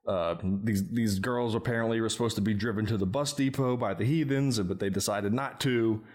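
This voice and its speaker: A man's voice: fairly low pitch, brisk, darkish tone. A man hosting a podcast, casually recapping a movie's plot step by step, with plenty of filler words. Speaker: podcast host.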